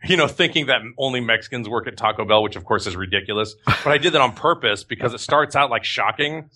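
A man who is a voice actor, chatting as a guest and telling animated stories that he often breaks into voices for. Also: mid-range voice, fast. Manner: animated storyteller, slips into voices. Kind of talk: casual chat.

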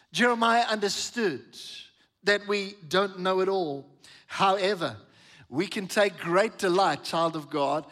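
A man's voice: sits high, fairly bright tone. A middle-aged man preaching a sermon from a church stage, emphatic and calling out to the congregation. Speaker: pastor.

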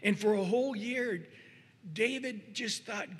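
Male preacher, high and husky, animated sermon delivery in a hall with long reverb. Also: unhurried. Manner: animated preaching, acts out voices, many restarts. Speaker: pastor.

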